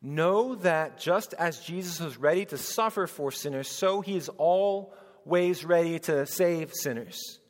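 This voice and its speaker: A man preaching a sermon as pastor, swinging between loud proclaiming and hushed, tender speech. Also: a little high, unhurried. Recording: long hall reverb.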